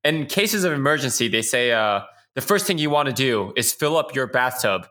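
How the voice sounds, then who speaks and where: A man's voice: medium pitch, expressive, normal speed, sharp tone. A man co-hosting a casual podcast chat, joking and laughing often as he reads out facts. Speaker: podcast co-host.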